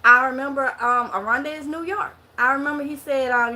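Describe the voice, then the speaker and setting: Talking straight to camera, a middle-aged vlogger with a thick Mississippi drawl tells animated stories packed with country dialect. Her high voice is bright, forceful and fairly quick in this casual monologue.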